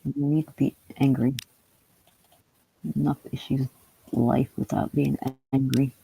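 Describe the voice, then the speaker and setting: A woman chatting casually on a livestream while she works a puzzle, talking in a subdued, low-key way. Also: flat delivery, unhurried, vocal fry, mellow, slightly rough, rough recording. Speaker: streamer.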